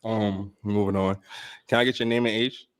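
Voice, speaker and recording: A man from New York hosting a dating show, asking brisk, routine questions. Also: lowish voice, fairly even intonation. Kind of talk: street dating show interview.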